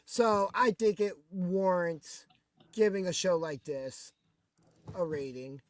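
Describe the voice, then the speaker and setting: A man with a notably high speaking voice, co-hosting a wrestling chat show. He breaks down matches eagerly and often adds "to be perfectly honest." He speaks in casual, animated bursts. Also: takes it slowly.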